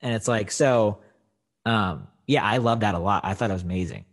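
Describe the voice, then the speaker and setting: A man's voice: fairly low pitch, moderate pace. A man in a casual chat about a film, rambling with lots of "like" and fillers. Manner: rambling, filler-heavy, frequent "like". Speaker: film discussion co-host.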